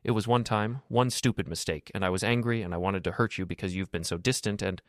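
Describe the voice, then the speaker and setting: A man's voice: fairly low pitch, quick pace, no echo, clean studio sound, lightly acted. A man reading a story voices a distraught young wife, her voice ragged, cracking and pleading.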